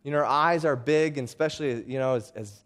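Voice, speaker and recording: A man's voice: medium pitch, fast. A middle-aged man preaching a sermon as pastor, folksy, telling stories and calling for an amen. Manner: folksy, calls for "amen" often.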